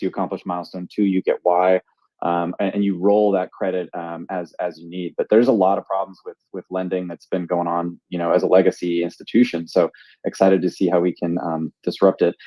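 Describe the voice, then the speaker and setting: A man's voice: sits low, dry recording, lo-fi sound. A man co-hosting a casual podcast chat, rambling with fillers and restarts. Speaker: podcast co-host.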